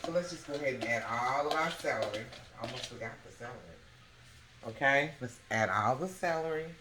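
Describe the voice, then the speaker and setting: A woman hosting a casual home cooking demonstration, talking the viewer through each step and checking in with a quick "okay?" again and again. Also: extremely low pitch, background noise. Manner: chatty, keeps checking in with the viewer by asking "okay?". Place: home kitchen. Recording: echoey kitchen with background music.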